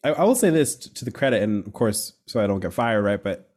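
A young man hosting a casual conversation on faith, animated and quick, with frequent asides and self-corrections. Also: fairly low pitch, slightly rough.

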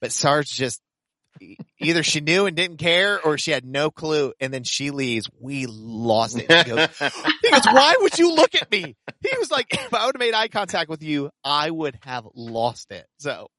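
A man hosting a casual chat, asking questions and telling lively church stories. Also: a little high, unhurried, no echo. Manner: lively, asks questions, tells stories with laughter.

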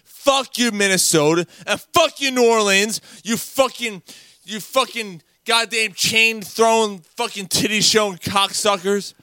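A man's voice: high-pitched, unhurried, dry recording. A man co-hosting a sports podcast, delivering heated, profane rants about rival teams. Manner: heated, shouting curses. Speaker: podcast co-host. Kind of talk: rowdy profane sports banter.

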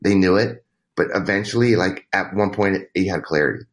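A man with a fairly low voice talks as a guest in an interview. He tells a candid personal story in a rambling way, with restarts and quoted dialogue. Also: normal speed.

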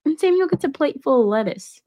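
A woman's voice: high-pitched, expressive, fairly quick, warm tone. A woman co-hosting a podcast, chatting casually and teasing with frequent giggles. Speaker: podcast co-host. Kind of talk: casual chat.

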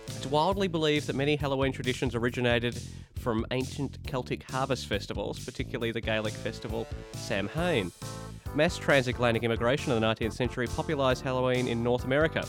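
A man hosting a casual debate podcast, playful, reading facts off in a brisk list. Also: medium pitch. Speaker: debate host.

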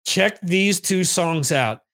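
This podcast host speaks slowly but animatedly, his voice high and fairly bright. Answering listener questions in a casual, on-camera monologue for streamed video, he tells meandering stories and curses often.

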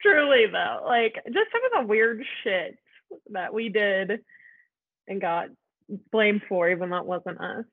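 A woman's voice: mid-range voice, expressive, unhurried, creaky, slightly rough. 29-year-old woman on a tinny line. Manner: laughing, candid and swearing. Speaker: podcast guest. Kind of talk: casual chat. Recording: tinny phone-like line, dry.

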